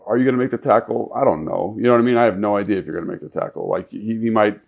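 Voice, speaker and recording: A man's voice: lowish voice, racing, vocal fry, darkish tone. A man co-hosting a sports show, a former pro football player and coach, analyzing the game with an emphatic coaching tone. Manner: coaching tone, emphatic, repeats himself.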